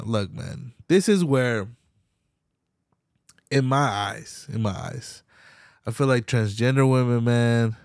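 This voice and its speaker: Young male podcast host, profane and animated, mid-pitched voice, dry close mic. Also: dry recording. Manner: profane, animated, slangy, laughs often. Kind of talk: casual solo podcast rant.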